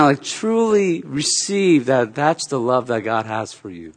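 A man's voice: medium pitch, very animated, measured pace, hardly any pauses. A middle-aged man, a pastor, preaching a sermon in a conversational way with playful asides. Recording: long hall reverb.

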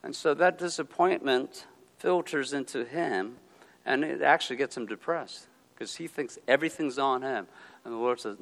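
A man preaching a sermon in a conversational way, often checking in with "okay?" and acting out the voices of people he quotes, swinging between quiet and loud. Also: mid-range voice, moderate pace, vocal fry, low-quality recording. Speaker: pastor.

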